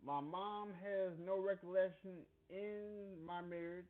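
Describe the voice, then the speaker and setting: A married man speaking slowly and earnestly in a casual monologue, sounding a little preachy. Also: high-pitched, steady tone. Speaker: married man giving his view. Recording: phone-like, lo-fi audio.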